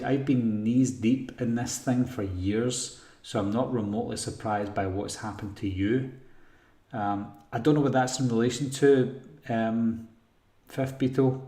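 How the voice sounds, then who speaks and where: Speaking unhurriedly in a mid-range voice, this horror-channel host runs a laid-back live Q&A, picking questions from chat and wandering through his answers. He says um a lot and keeps clearing his throat, and the room gives off a noticeable echo.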